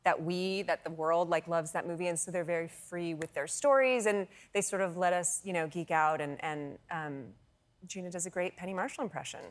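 An actress and comedian chatting as a talk show guest, bubbly and quick to laugh, with lots of restarts. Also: female voice, lowish voice. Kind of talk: casual talk show chat.

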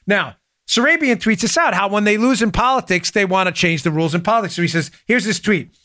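A man hosting a political commentary podcast, chatty and animated as he reacts to clips. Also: sits high, fast talker, dry recording, studio quality. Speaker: podcast host.

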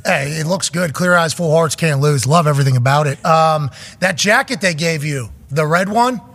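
A male host of a sports talk show, joking loudly and often shouting with high energy. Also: moderate pace.

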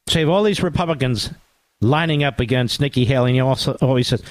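A man hosting a talk radio show, delivering a sarcastic, animated political monologue with asides to his producer. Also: on the high side, quick pace, no echo.

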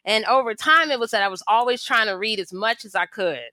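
A woman's voice: fairly high pitch, fairly quick, no echo. A woman historian answering interview questions, telling stories and acting out the voices she quotes. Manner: animated storytelling, acts out quoted voices. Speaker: historian and author, interview guest.

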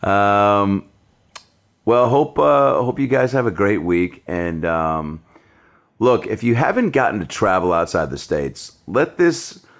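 Low, lively-voiced man joking around. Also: slow. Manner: profane, joking, animated storytelling. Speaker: podcast host. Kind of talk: casual chat.

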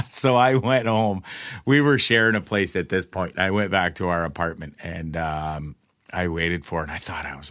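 A man's voice: low-pitched, moderate pace, fairly bright tone. A man telling rambling personal stories in a casual, profane way, laughing often. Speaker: storyteller.

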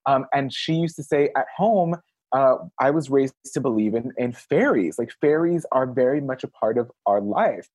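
Guy guest on a podcast, super animated storyteller, squeaky high bits when quoting, dry sound. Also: moderate pace, no room sound. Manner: animated storyteller, acts out quotes in big high voices. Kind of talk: casual chat. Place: Los Angeles area.

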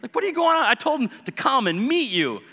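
A preacher puts on a stung, defensive tax collector whose voice jumps high as he protests being called sick. The bright, lively voice rings through an echoey hall. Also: breathy edge, heavily acted. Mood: indignant. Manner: protesting, rapid questions.

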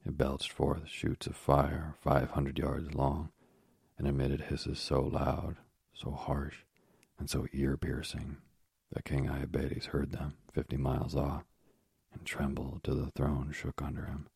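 Narrator, male: very deep, raspy and monotone, dry booth sound, measured storybook reading. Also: no echo.

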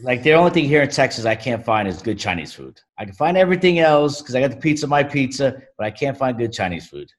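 A man with a Brooklyn New York accent talks quickly through a casual interview. His answers are short, plainspoken and friendly. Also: mid-range voice, big pitch swings. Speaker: pizzeria owner, guest.

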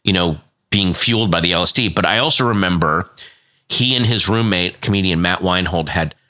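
A man in his fifties chatting casually as a podcast co-host, an animated storyteller who stumbles over restarts. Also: low voice, fairly quick. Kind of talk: casual chat.

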